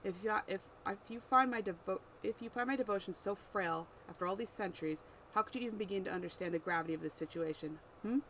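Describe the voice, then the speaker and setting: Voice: mid-range voice, fast, hardly any pauses, fairly bright tone, slight background noise, close to an everyday voice, low-quality recording. A reader voicing a proud, ancient, eyeless female demon servant with horns, scornful and easily wounded, in an amateur story read-aloud. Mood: furious.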